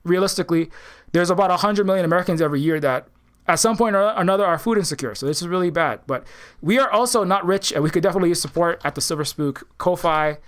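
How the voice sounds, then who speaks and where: A man's voice: high voice, fast, fairly bright tone. A man hosting his own channel, giving a rambling, heated political monologue with many restarts and mocking impressions. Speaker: political commentator, channel host.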